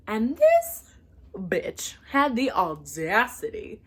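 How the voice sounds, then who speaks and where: A woman who hosts her own vlog as a flight attendant, telling a story casually with an animated, exasperated manner and some swearing. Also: on the high side, takes it slowly.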